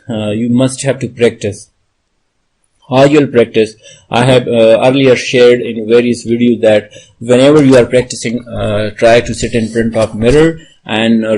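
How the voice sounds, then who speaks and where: A man's voice: medium pitch, a little mellow, rough recording. A man explaining speaking-exam tips as a tutor, hesitant and full of "uh, means" fillers, restating each point. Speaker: IELTS tutor.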